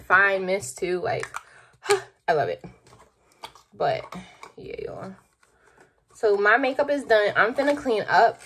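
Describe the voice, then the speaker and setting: A woman's voice: mid-range voice, a bit bright, slight background noise. A young woman chatting casually to her viewers in a loose, rambling vlog, talking to them as "y'all". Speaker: vlogger. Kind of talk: casual vlog chat to camera. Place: at home, then in a car.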